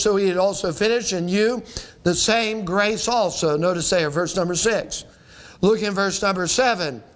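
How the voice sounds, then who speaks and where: A middle-aged man preaches a sermon in a noticeably high voice. He reads scripture aloud and throws rhetorical questions at his listeners as he goes. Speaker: pastor.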